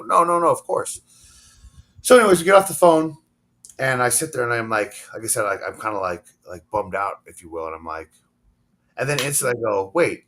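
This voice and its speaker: Low-voiced man telling a rambling story. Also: a bit bright. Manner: rambling, acts out quoted dialogue. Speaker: interview guest, professional wrestler. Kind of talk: casual storytelling interview.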